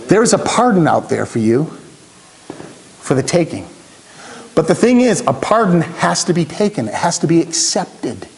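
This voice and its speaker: Man, pastor, high-pitched voice, dramatic sermon, slow low emphasis, urgent questions, church. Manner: dramatic preaching, dropping low and slow on key words, rising to urgent questions.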